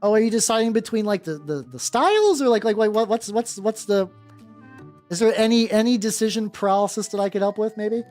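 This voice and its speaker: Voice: medium pitch, animated, quick pace, a little mellow. Rambling streamer chatting while painting. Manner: rambling, many restarts and swearing. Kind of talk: casual livestream chat. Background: faint background music.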